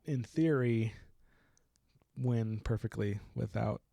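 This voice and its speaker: Gravelly young man retelling a book. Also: mid-range voice, slow pace, dark tone, no echo, studio quality. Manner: laughs often while retelling, uses "like" a lot. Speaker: podcast co-host. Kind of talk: casual book discussion.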